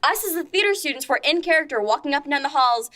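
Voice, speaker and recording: Young woman podcast host, high bright voice, excitable, swears a lot, casual chat. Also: fast.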